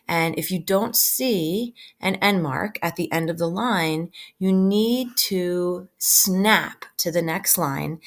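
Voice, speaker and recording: A woman teacher giving a recorded reading lesson to children, patient and slowing down to stress key phrases, often checking in with "right?". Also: on the low side. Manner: patient, with frequent tag "right?". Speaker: elementary school teacher.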